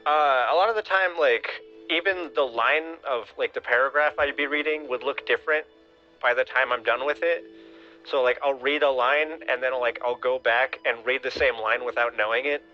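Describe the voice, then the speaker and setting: A man co-hosting a podcast in casual chat, halting and hesitant as he talks. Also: mid-range voice, faint music behind. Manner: halting, hesitant, many fillers. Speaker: podcast co-host. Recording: dull lo-fi sound.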